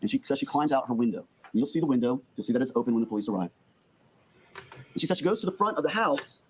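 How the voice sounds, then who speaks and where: A man speaks at a very rapid clip as he lays out a prosecutor's courtroom opening statement to a jury. His pitch sits in a middling range. He briskly acts out the quoted lines as he tells the story. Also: lively intonation, a little hiss or hum, low-quality recording.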